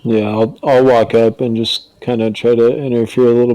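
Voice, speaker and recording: A man playing a tabletop game who asks questions and tries to calm others. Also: medium pitch, moderate pace, few pauses, no echo, poor audio. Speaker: player.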